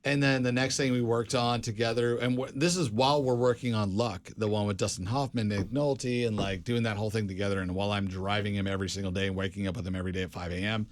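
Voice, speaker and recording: Man, low voice, casual podcast chat, rambling, restarts a lot, says "dude". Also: fairly even intonation, quick pace, few pauses. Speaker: podcast co-host.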